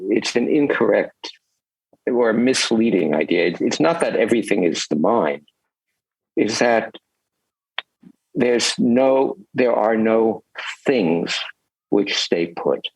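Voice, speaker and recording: Older guy slowly spinning a story, gravelly and husky, dry close mic. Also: lowish voice, dry recording, low-quality recording. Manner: rambling, chuckling, reflective. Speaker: guest, Zen teacher. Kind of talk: storytelling in a podcast interview.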